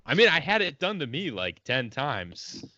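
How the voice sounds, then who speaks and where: A man's voice: mid-range voice, big pitch swings, normal speed, sharp tone, dry recording. A young man co-hosting a casual podcast, laid-back and joking as he starts his story. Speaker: podcast co-host. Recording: dry, dull lo-fi audio.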